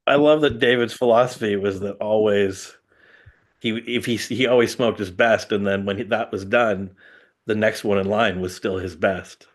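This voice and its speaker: A man's voice: fairly low pitch, steady tone, normal speed. A middle-aged man, a guest in casual chat, rambling fondly through memories and chuckling often.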